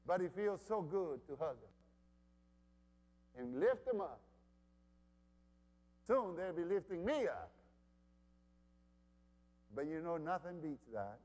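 A middle-aged man from Honduras delivers a sermon at an unhurried, deliberate pace, leaning on repetition to drive his points home. His voice sits somewhat high for a man, and a long reverb trails each phrase as if he is in a large church hall. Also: very animated, a little mellow. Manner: slow, emphatic preaching with repeated phrases. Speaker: pastor.

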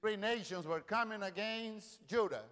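A man preaching a sermon, repeating lines, swelling loud and falling quiet. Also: high-pitched, unhurried. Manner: rousing preaching with repetition, rising and dropping in volume. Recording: long reverb of a large hall.

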